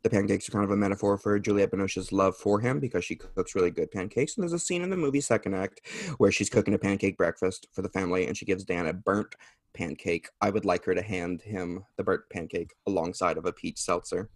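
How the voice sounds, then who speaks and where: A man's voice: sits low, quick pace, dry recording. A man chatting as a podcast guest, rambling and self-deprecating, laughing often. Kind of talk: casual chat.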